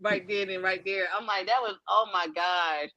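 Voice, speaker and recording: A woman's voice: mid-range voice, normal speed, muffled recording, over a noisy crowd. A young adult woman chatting casually and profanely with a friend, laughing about her freestyle. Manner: loose, profane, laughing banter. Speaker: co-host. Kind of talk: casual chat and freestyle rap.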